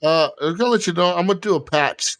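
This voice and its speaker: A man's voice: sits high, fast, fairly bright tone, pitched above the performer's own voice. A man voicing a chatty male talking smart pistol that makes cheery, matter-of-fact announcements. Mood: chirpy robotic.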